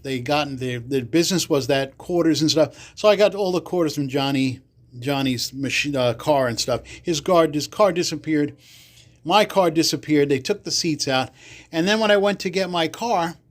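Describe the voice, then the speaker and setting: A podcast guest from the Bronx, New York, tells stories casually with salty language. He acts out other people's lines, his pitch jumping widely as he does the voices.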